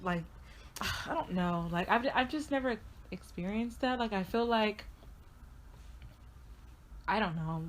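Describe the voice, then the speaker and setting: A woman's voice: medium pitch, expressive, takes it slowly, pauses often, slight background noise. A young woman in her twenties co-hosting a podcast, listening closely and chiming in during casual chat. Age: 20s. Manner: supportive listener, frequent backchannels. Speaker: podcast co-host.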